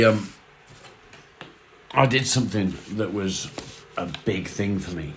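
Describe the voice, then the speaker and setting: A man with a very deep, low voice chats casually on a livestream, reading comments and answering them in a relaxed, friendly way. The room around him sounds echoey. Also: slow pace. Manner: relaxed, chatty, says mate often. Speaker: livestream host.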